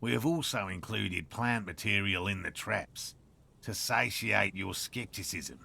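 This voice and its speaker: A man's voice: lowish voice, unhurried, creaky, pushed and bright, full character voice. An actor playing a pompous, self-assured male cryptozoologist in a video game, with an Australian accent and a lecturing manner.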